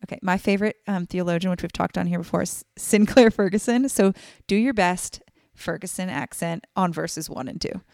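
Woman podcast co-host, casual and earnest, filler-heavy, slightly low voice, dry room. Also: fairly quick, vocal fry, dry recording. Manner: chatty, many fillers, warm and earnest. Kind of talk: casual Bible study chat.

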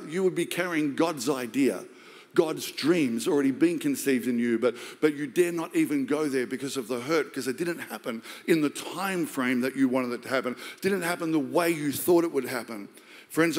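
An Australian man preaching a sermon as pastor, jokey and animated, acting out the voices of the story. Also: fairly high pitch. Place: large church hall. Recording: long hall reverb.

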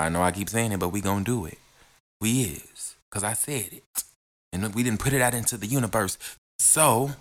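A man's voice: low-pitched, fairly bright tone. A young man hosting a casual solo podcast, rambling and playful. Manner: rambling, playful, drawn-out delivery. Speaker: podcast host.

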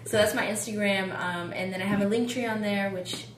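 A woman's voice: mid-range voice, fairly even intonation, fairly quick, roomy sound, slight background noise. A woman guest on a podcast, easygoing and casual, sharing her own projects. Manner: easygoing, brief agreeing replies.

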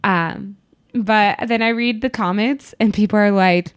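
A woman's voice: mid-range voice, a little slow, smooth. A young woman co-hosting a casual podcast, reading news aloud with a giggly mock newscaster flair. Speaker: podcast co-host. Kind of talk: casual chat.

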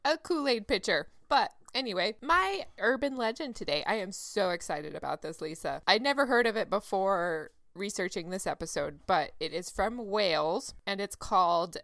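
Giggly woman podcast cohost, lively swoopy voice with some gravel, dry close sound. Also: medium pitch, normal speed, few pauses, no echo. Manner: giggly, laughs often, animated storytelling. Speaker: podcast co-host. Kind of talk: casual chat.

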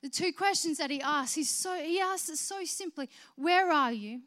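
High-voiced woman preaching a sermon. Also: normal speed. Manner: swings from soft and low to loud, emphatic proclamation; conversational, with restarts and filler words.

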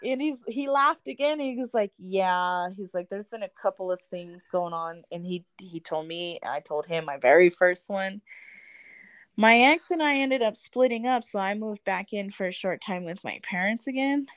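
A woman's voice: medium pitch, animated, moderate pace, clean tone, no room sound, studio quality. A woman in casual conversation, telling a personal story with frequent laughs and free swearing. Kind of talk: casual chat.

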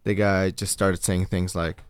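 Male co-host, easygoing and halting, a low, clean voice with a dry mic. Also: flat delivery, clean tone, dry recording. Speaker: podcast co-host. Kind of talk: casual chat.

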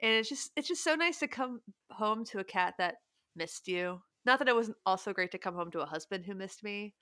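A woman in her thirties hosting a podcast, chatting casually with frequent laughs and quick asides. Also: mid-range voice, animated, bright, forceful tone, no room sound, clean studio sound. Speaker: podcast host. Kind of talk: casual chat.

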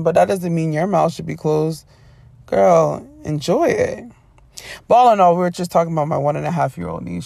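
A woman hosting a podcast, telling casual stories in an animated, expressive way, acting out quoted voices and laughing often. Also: medium pitch, creaky, no echo. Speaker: podcast host. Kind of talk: casual storytelling monologue.

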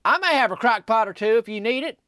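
A man's voice: very high-pitched, lively intonation, quick pace, clear, resonant tone, dry recording, studio quality, pitched above the performer's own voice, full character voice. A man voicing a middle-aged burger shop owner who hollers an eager offer with a Southern US lilt. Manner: loud, eager, called out.

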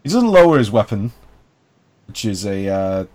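A man running a tabletop game as game master, narrating in a measured, descriptive way. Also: lowish voice, sing-song, darkish tone.

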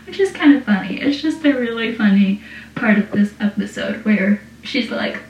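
A woman's voice: medium pitch, animated, moderate pace, darkish tone, dull audio, a little hiss or hum. A young adult woman casually recapping a TV episode, chatty and giggly as she reads scene dialogue aloud. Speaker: podcast host recapping a TV episode. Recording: roomy sound, distant mic.

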